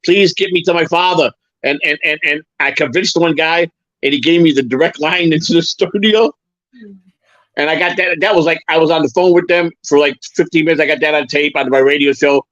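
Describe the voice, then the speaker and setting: Rambling high-voiced man on a lo-fi call. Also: brisk, fairly bright tone, dry recording. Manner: rambling storyteller, stumbles and repeats words. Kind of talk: casual chat. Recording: dull lo-fi sound.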